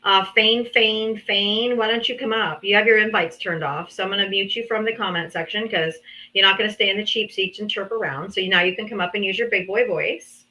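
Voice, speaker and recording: A woman hosts a live-streamed political debate. She sounds bright and forceful. Her tone is teasing and sarcastic, and she talks down to commenters. The stream audio is dull and lo-fi. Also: medium pitch, fairly even intonation, fairly quick. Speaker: livestream debate host. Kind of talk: casual live-stream talk.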